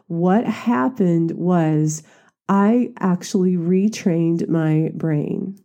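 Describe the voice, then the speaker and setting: A woman talks through a motivational story in a loose, chatty way, her voice a little low and very mellow. She keeps leaping up into bright squeals as she acts out her own past lines. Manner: chatty, animated storytelling that jumps into high squeals when acting herself out. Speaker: coach and mentor. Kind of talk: casual motivational talk.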